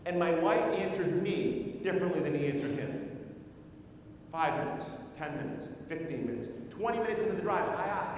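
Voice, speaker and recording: A man's voice: moderate pace, a little mellow, dull audio. A man giving a keynote talk at a conference, telling a story and firing rhetorical questions at the audience. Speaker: conference speaker. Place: large conference hall. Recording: echoey hall recorded from far off, faint rumble.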